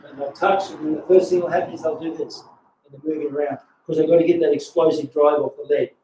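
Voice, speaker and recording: An older man with an Australian accent, a karate instructor explaining technique in a relaxed, conversational way with stories and asides. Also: fairly high pitch, fast, a little hiss or hum, poor audio. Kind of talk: instructional talk.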